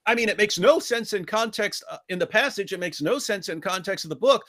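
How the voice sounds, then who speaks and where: A man's voice: high voice, expressive, fairly quick, hardly any pauses, a bit bright. A man co-hosting a debate review, talking casually and sarcastically, mocking opposing arguments with exaggerated mimicry. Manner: emphatic, repeats phrases when building a point. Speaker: co-host of a debate review show. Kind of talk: casual discussion, commentary.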